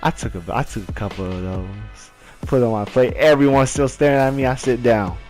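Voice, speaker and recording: Animated young man telling a story. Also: medium pitch, brisk, faint music behind. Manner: animated, laughing, acts out voices and chants. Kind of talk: casual storytime vlog.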